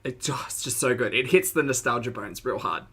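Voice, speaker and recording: Brief: woman streamer with a Southern US accent, bright tone, casual reaction chat, laughs a lot and greets viewers. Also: rumbling low, lively intonation, fairly quick, breathy edge. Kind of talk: casual live-stream commentary.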